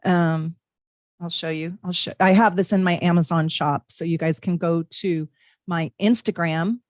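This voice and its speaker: A woman's voice: on the low side, steady tone, measured pace, no room sound, studio quality. A woman hosting a live-stream tarot reading, chatting in a bubbly way with viewers and reading their comments aloud.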